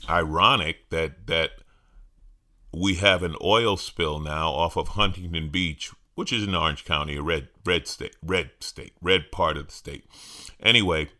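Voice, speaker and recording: A man's voice: low voice, pushed and bright. A middle-aged man hosting a podcast from home, talking in a wry, conversational way and often repeating his first words as he gets going. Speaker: podcast host, comedian. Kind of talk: casual solo podcast monologue. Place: at home with his dog nearby.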